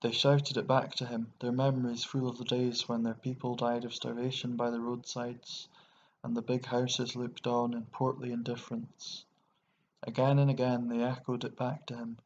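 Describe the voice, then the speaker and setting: A man with an Irish accent narrating a short story in a steady, even way. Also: medium pitch, normal speed. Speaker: audiobook narrator. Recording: dull lo-fi recording with faint hiss.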